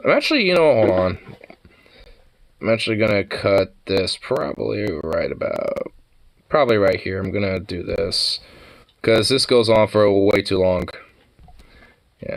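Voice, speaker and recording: Young male vlogger, slightly deep voice, casual and profane, meandering delivery, faint background hiss. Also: expressive, unhurried, vocal fry, long pauses, poor audio. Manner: loose, swears a lot, laughs between thoughts. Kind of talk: casual rambling chat.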